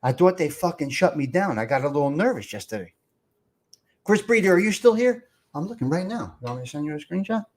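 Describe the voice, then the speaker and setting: A man's voice: on the high side, very animated, brisk, a little mellow. Profane rambling man on a live stream. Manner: rambling, profane, chats with viewers in the comments. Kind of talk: casual live-stream chat.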